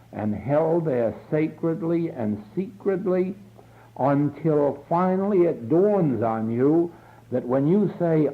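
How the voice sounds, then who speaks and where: A man giving a slow, earnest spiritual lecture in a church hall, from a 1950s archival tape recording. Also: medium pitch, phone-quality sound. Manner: slow, earnest, deliberate delivery. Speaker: spiritual teacher.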